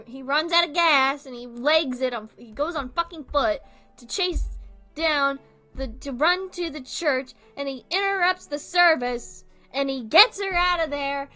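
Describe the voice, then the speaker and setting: A woman's voice: sits high, sharp tone. A young woman in casual chat, ranting about a film in an exasperated way, swearing often and laughing as she goes. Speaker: video creator. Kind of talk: casual chat, movie rant.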